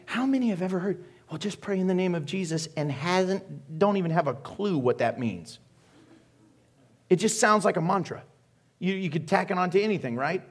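A man preaching a sermon as pastor, animated and joking, asking the congregation questions. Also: high-pitched.

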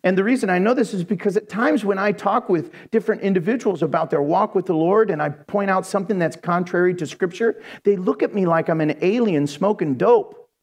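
A male pastor preaching a sermon to a congregation, animated and jokey, often acting out voices. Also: sits high, brisk, few pauses. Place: church before a congregation.

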